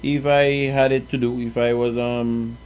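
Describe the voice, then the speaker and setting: A man's voice: mid-range voice, level tone, a little slow, a little mellow, slight background noise, poor audio. A man giving his opinion on a talk show, hesitant and rephrasing with frequent ums. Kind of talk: casual talk show discussion.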